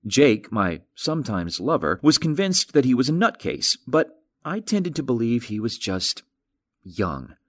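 A man narrating a mystery audiobook in an even, wry, measured manner. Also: mid-range voice, dry recording, clean studio sound. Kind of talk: scripted narration.

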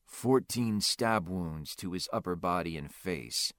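Audiobook figure: laconic male cop, low drawl, clipped questions, done by a male narrator. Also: animated, slow, a bit bright, no echo, exaggerated voice. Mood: skeptical. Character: skeptical, laconic male police detective.

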